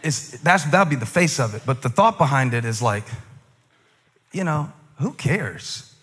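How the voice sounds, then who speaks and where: A male pastor preaching a sermon, moving between loud, emphatic peaks and quiet, musing asides, with humorous remarks to the congregation. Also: mid-range voice, lively intonation, unhurried, breathy edge, in a large hall.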